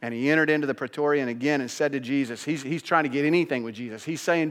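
A man's voice: fast, hardly any pauses. Preaching man in a reverberant hall. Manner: dramatic, swinging from hushed lows to loud high peaks. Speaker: pastor. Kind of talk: sermon.

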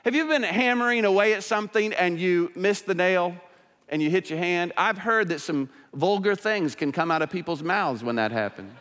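A male pastor delivering a sermon in a church, earnest and swinging between emphatic and hushed. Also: sits high, lively intonation, normal speed. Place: church sanctuary. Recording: church hall reverb.

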